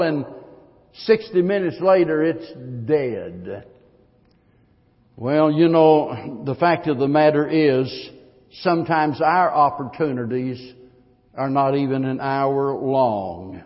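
A man preaching a sermon as pastor, emphatic, his voice swelling louder at key points. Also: medium pitch, lively intonation, slow pace. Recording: muffled long-reverb hall recording.

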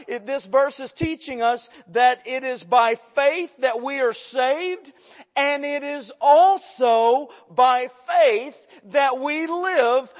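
A man preaching a sermon, building emphasis and slowing down on key phrases. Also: very high-pitched. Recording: dull sound in a reverberant hall.

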